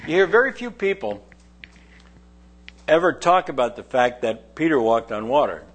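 Animated preacher man with lively pitch. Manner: reads scripture then explains it in chatty asides; animated, jokes and laughs with listeners. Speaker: pastor. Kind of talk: sermon.

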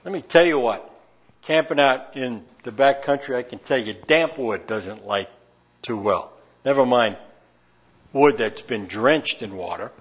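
A man's voice: medium pitch, measured pace, breathy edge. A man reading scripture aloud verse by verse and breaking off to comment on it in a folksy way. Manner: reads scripture then breaks in with folksy asides. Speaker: Bible teacher.

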